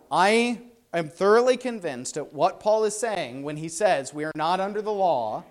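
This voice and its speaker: A man teaching a Bible class, emphatic and stopping often to check that listeners follow. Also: sits high. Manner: emphatic, frequent "right?" check-ins; stumbles and restarts, then slows for emphasis.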